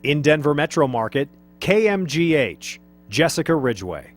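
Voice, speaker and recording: A man presenting awards, reading out categories and winners briskly. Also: on the high side, big pitch swings. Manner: brisk, announcing.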